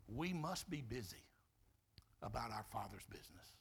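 A man preaching a sermon, telling a story with dramatic, emphatic delivery that swings between loud and soft. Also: on the high side, very animated, unhurried, slightly rough. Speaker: pastor.

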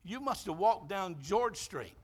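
A man's voice: high voice, animated, a little slow, husky, voice pushed up, heavily acted. A man voicing a kindly, curious pastor who asks polite questions. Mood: gentle, inquiring.

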